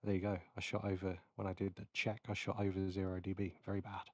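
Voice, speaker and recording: A man giving a casual, explanatory keynote while demonstrating audio software, with many fillers. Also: low voice, completely flat delivery, quick pace, no room sound. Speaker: keynote presenter. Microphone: close mic into recording software.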